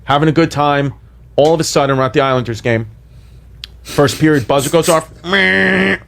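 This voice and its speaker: A man telling a comedic story on a podcast, animated and profane, acting out the lines he quotes. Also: on the high side, normal speed, gravelly.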